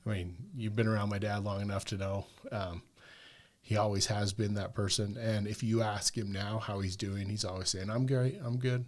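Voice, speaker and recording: A man with a fairly low voice tells a long personal story on a podcast. He rambles conversationally and keeps checking in with the listener with "right?" and "like." The delivery is casual and unpolished. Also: level tone, normal speed. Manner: rambling, peppers talk with "like" and "right?". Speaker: podcast guest.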